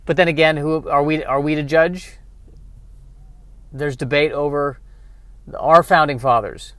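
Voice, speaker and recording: Higher-voiced man rambling to himself. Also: steady tone, unhurried, fairly bright tone, no echo. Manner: digressive, self-mocking, talks to himself. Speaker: vlogger. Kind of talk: rambling comic monologue.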